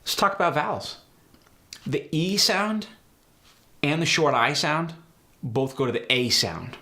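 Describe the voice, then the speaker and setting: A man hosting a tutorial as an accent coach, explaining sounds in a brisk, direct way. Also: fairly high pitch, expressive, bright, forceful tone. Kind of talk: instructional tutorial.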